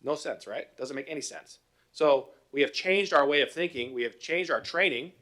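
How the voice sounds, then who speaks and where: Cop addressing council, middle-aged man, raised pitch, conversational, asks rhetorical questions. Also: moderate pace, pushed and bright. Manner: conversational, acts out both sides of calls, rhetorical questions. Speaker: police officer presenting to city council. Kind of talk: informal presentation with anecdotes.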